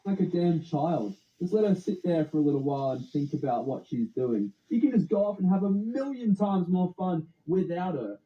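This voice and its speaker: A man's voice: high-pitched, expressive, moderate pace, hardly any pauses. An exasperated man talking in a coaxing, fed-up way, in a roomy, dull clip.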